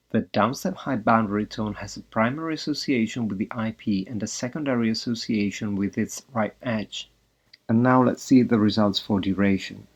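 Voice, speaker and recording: A man reading out a scripted academic presentation as a linguistics researcher, in a measured, read-aloud way. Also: mid-range voice, slightly rough.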